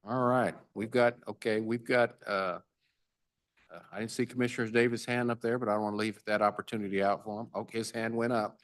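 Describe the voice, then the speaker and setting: Mayor type, very low voice, halting delivery, chairs a city meeting with playful banter. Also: male voice, steady tone. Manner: halting, jokey auctioneer banter. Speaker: mayor presiding over a budget meeting. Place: government meeting chamber.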